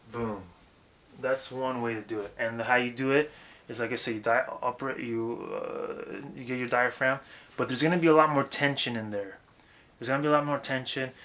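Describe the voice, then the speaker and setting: A young man giving a casual, profane, rambling lesson on vocal technique, breaking into loud demonstrations. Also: medium pitch. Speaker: vocal coach.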